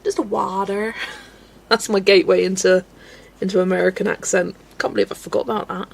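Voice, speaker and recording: Lady rambling on her colouring stream, a bit of fry, giggles a lot. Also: fairly low pitch, level tone, brisk. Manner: giggly, rambling, greets viewers by name. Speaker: livestream host. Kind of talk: chatty livestream while colouring, reading chat.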